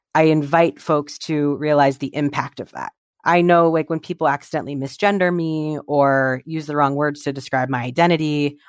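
Earnest, animated interview guest. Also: mid-range voice, no echo, clean studio sound. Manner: earnest, animated when quoting others. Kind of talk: conversational interview storytelling.

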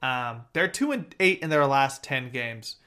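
Young male podcast co-host, casual and rambling, with a bright tone. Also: mid-range voice, expressive. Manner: rambling, quick bursts of talk. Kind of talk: casual sports chat.

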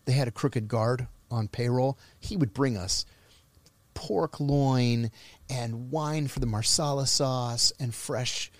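A man's voice: medium pitch, takes it slowly, no room sound. A middle-aged man telling a story in casual conversation, acting out the voices of the people he quotes. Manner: animated, acts out quoted voices. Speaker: podcast guest.

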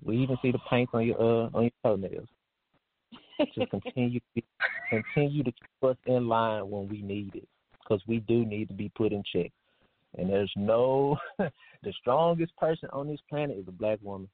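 Man, lowish voice, earnest repetitive tribute, dry phone-like audio. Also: dry recording. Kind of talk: heartfelt spoken tribute. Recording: tinny dry phone-like sound.

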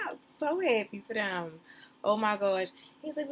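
A woman's voice: a little high, lively intonation, normal speed, slight background noise. A woman giving casual, playful reaction commentary on a reality show, talking straight to her viewers in a slangy, chatty way. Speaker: reaction streamer.

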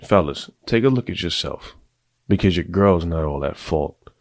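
A deep-voiced middle-aged man hosting a podcast, giving blunt, profane, confessional advice to other men in a casual monologue. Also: animated, normal speed, creaky, dry recording. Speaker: podcast host.

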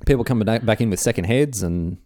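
A man co-hosting a podcast in casual chat, with quick, playful, self-deprecating banter. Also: lowish voice, mellow, no echo, studio quality. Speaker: podcast co-host.

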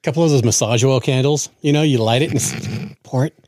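A man's voice: mid-range voice, brisk, a little mellow, dry recording, clean studio sound. A man co-hosting a casual podcast as a father, joking around and wandering off on tangents. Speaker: podcast co-host. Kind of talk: casual chat.

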